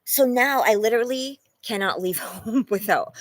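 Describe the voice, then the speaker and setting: A young woman from California chatting casually on a livestream from her home, animated and laughing often as she thanks viewers by name. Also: a little high, moderate pace, dry recording, low-quality recording. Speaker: livestream host.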